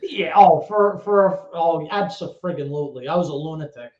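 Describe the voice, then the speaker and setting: A man with a New York accent, a former club DJ telling stories as an interview guest, animated and swearing freely. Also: on the high side. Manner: animated, swearing storyteller with quick restarts. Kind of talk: casual storytelling interview. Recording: echoey room, dull lo-fi audio.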